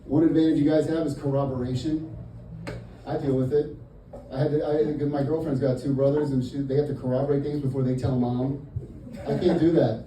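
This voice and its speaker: A young man from Indiana doing a stand-up comedy set in a comedy club. He is punchy and exasperated, swinging between mutters and loud bursts. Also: medium pitch, flat delivery, brisk. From Indiana, USA. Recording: roomy club, mic at a distance, audible noise.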